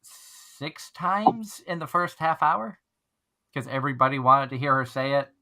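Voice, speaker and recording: A man's voice: mid-range voice, expressive, unhurried, bright, forceful tone. A man hosting an online fan radio show, chatting casually and rambling with frequent restarts. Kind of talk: casual chat.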